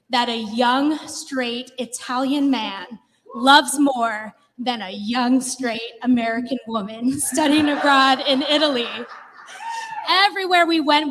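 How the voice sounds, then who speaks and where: A woman in her thirties telling a comedic personal story, animated and laughing, chatty with lots of "like". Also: sits high, slow pace, crowd noise. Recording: long hall reverb.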